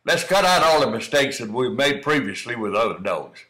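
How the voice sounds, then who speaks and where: A man's voice: mid-range voice, sing-song, moderate pace, sharp tone, rough recording. A middle-aged man giving folksy, encouraging running commentary on dog training, calling the listener son. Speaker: cowdog breeder commenting on training footage. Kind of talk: casual running commentary over video.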